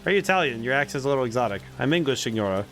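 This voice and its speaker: Guy voicing a polite, formal english traveller in a game, middle pitch, light music behind. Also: animated, rapid-fire, fairly bright tone, close to an everyday voice.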